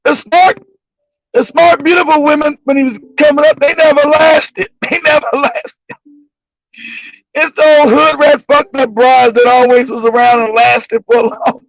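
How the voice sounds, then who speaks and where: Male host, profane, mocking storyteller; gravelly and dry, lo-fi sound. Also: extremely high pitch, fairly even intonation, normal speed, no room sound. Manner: profane, laughs often, mocking. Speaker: livestream show host. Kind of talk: casual comedic storytelling. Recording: dull lo-fi recording.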